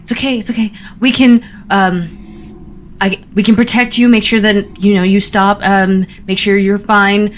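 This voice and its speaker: A woman voicing a gentle young adventurer in a tabletop game, speaking in a soothing, halting way. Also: mid-range voice, flat delivery, a little hiss or hum, pitched above the performer's own voice, close to an everyday voice.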